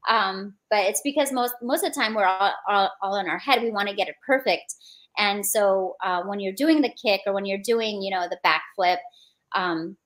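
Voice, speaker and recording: A woman's voice: medium pitch, moderate pace, fairly bright tone. A young woman, a guest on a radio show, talking about her acting ambitions in a casual, filler-heavy, self-reflective way. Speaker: guest, aspiring action actress. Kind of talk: radio interview.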